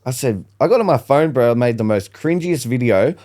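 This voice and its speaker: A man's voice: medium pitch, expressive, a little fast, warm tone. Young guy on a podcast, swears constantly, blunt and fired up, just chatting. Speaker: podcast guest. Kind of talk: casual podcast chat.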